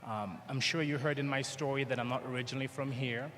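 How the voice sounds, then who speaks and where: A man's voice: medium pitch, fast. A man from Zambia with a Zambian accent, giving a graduation speech and acting out the lines of people in his stories. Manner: animated storyteller, acts out dialogue. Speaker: motivational speaker. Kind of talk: commencement speech with storytelling. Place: large hall. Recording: echoey hall with faint background noise.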